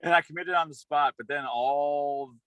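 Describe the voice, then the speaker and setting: A young man, a former college football player, telling a rambling, excited story in a casual interview, with many restarts. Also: on the high side, moderate pace, no echo, low-quality recording.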